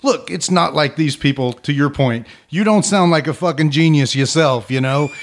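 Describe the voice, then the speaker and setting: Southern guy on a podcast, laid back, laughs a lot, kinda high voice. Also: normal speed, slight background noise. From Virginia and Kentucky. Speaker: podcast co-host. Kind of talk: casual chat.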